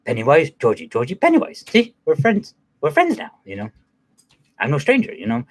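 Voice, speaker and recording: A man's voice: fairly high pitch, wildly swooping pitch, fairly quick. A man voicing a goofy, creepy male clown with a falsely friendly, sing-song manner. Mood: coaxing.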